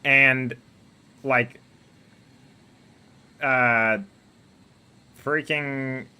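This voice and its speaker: Bright-voiced, chatty male streamer. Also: mid-range voice, fairly even intonation, extremely slow, smooth. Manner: rambling, laughs often. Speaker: game streamer. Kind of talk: casual gameplay chat. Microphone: desk microphone.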